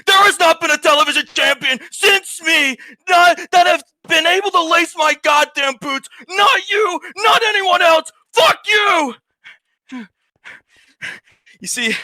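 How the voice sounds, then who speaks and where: A man playing a brash male wrestler cutting a loud, cursing, boastful promo. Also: very high-pitched, no echo, heavily acted.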